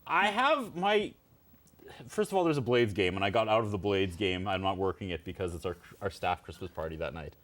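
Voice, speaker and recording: A man's voice: low-pitched, fast, few pauses. A man hosting a live talk show in a scattered, enthusiastic way. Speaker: host.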